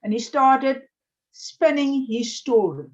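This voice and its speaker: A woman telling a deliberate anecdote in a casual online chat. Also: high voice, expressive. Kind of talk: casual storytelling. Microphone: video call. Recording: dull lo-fi sound.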